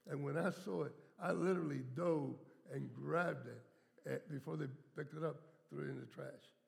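A man's voice: on the high side, normal speed, vocal fry. A man in his seventies preaching a sermon as a guest speaker. He tells stories and stretches key words for emphasis. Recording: long hall reverb.

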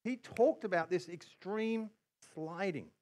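A man preaching a sermon, animated, often acting out quotes in other voices. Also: sits high, slow pace. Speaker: pastor.

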